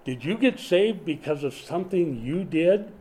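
A pastor in his sixties preaches a conversational sermon in a small church during a power outage, posing questions to his congregation. His voice is fairly high-pitched with a dark tone, and he's expressive at a moderate pace.

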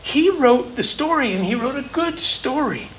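A man preaches from the pulpit in an earnest, steady way, piling up repeated phrases for emphasis. His voice sits high and rings bright and forceful. A faint background hiss sits under the recording. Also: moderate pace, poor audio. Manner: earnest, builds to emphatic repetition. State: briefly choked up. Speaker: pastor. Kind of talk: sermon.

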